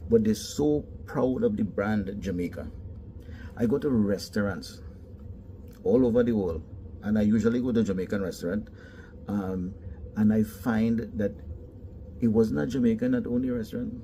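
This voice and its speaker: Caribbean-accented man, casual emphatic talker, low warm tone, light background noise. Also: moderate pace, long pauses. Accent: Caribbean English. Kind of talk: casual monologue.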